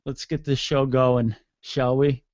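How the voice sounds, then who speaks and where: A male internet radio host talks alone at his desk in a loose, rambling way, cracking jokes and swearing mildly. He sounds sleepy and keeps yawning. The recording is dry and a little muffled, with a middle-pitched voice. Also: level tone, slow, a little mellow, no echo. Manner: rambling, joking, mildly profane. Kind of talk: casual solo radio chat. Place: home studio room. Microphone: desk mic with headphones.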